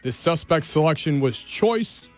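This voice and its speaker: A man's voice: fairly high pitch, animated, a little slow, soft background music. A man on a sports radio show reading out a strange news story with wry wordplay. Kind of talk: reading an odd news item with puns.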